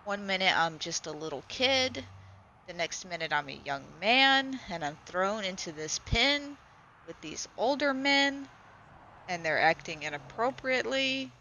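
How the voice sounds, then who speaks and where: A woman's voice: mid-range voice, big pitch swings, measured pace, bright, forceful tone, slight background noise, heavily acted, poor audio. A woman voicing a frightened young male goat in a whiny, pleading way. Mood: scared pleading.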